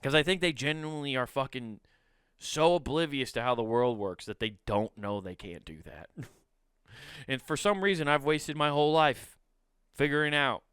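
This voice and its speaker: A man's voice: medium pitch, normal speed, a bit bright, smooth, no echo, studio quality. A man in his thirties, a comedian hosting his podcast, ranting and cursing through a comic monologue and acting out little scenes. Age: 30s. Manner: profane, ranting, acts out bits in a raised voice.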